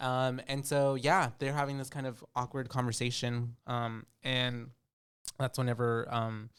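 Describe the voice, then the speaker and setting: A man chatting loosely about a movie he just watched, his voice smooth and resonant. He mumbles and trails off, then perks up to play out a character's lines. The sound is close and dry. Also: medium pitch, little pitch movement, fairly bright tone, no room sound. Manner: laid-back, drops to mumbles, acts out characters in quick bursts. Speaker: podcast co-host. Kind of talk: casual movie recap chat.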